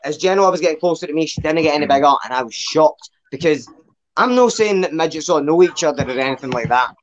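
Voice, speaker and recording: A man's voice: fairly high pitch, animated, quick pace, muffled recording. A young Glaswegian man doing a rambling, sweary stand-up set at an online open mic, tagging lines with "man". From Scotland. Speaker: stand-up comedian.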